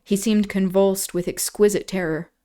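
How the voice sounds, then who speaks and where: A woman hosting a livestream, reading a classic novel aloud in steady narration with casual asides. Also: medium pitch, moderate pace. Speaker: streamer and host.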